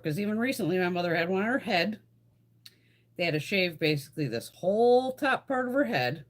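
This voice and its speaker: Her pitch is fairly low and her tone husky. She's a middle-aged woman hosting a beauty livestream, chatting with viewers in a casual, animated way and swearing freely as she answers them.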